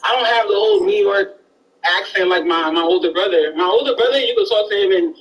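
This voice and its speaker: High-voiced man with a Miami accent. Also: a little fast, recorded from a distance, over a noisy crowd, rough recording. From Miami, Florida. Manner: hesitant, many restarts and fillers. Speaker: conversation partner. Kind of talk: casual chat.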